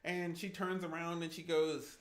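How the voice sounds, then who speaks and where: A man's voice: fairly high pitch, flat delivery, measured pace, roomy sound. A man in his thirties, a gaming streamer, telling a long rambling story in casual livestream chat, often restarting his sentences. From Idaho, USA.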